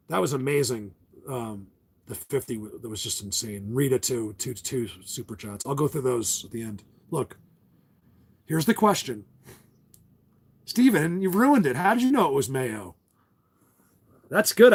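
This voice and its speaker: A man's voice: a little high, breathy edge. A man hosting a casual livestream, rambling and ranting to his viewers with frequent restarts. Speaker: livestream host.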